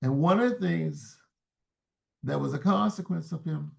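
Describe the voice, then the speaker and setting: A man speaks as an interview guest, voice heavy with gravelly fry and set a little high. He muses in a relaxed, searching way, often breaking off and restarting words as he works through a thought. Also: moderate pace. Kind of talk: casual interview talk.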